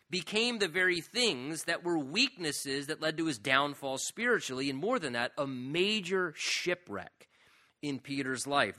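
A man preaching a sermon, emphatic and storytelling, acting out quoted lines. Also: pushed and bright. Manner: emphatic, acts out quoted lines with rising pitch. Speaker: pastor.

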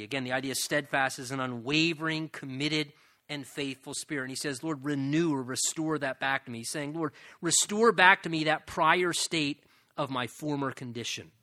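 A male pastor preaching a sermon in an earnest way, repeating phrases and slowing down to stress key lines. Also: fairly high pitch, bright, forceful tone, no room sound, studio quality.

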